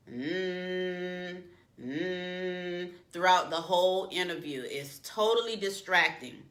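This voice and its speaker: A middle-aged woman coaches listeners on job interview conduct in a low, bright, forceful voice. She is firm and instructive and comes back to her main points to drive them home. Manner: firm, repeats key advice for emphasis. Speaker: career coach.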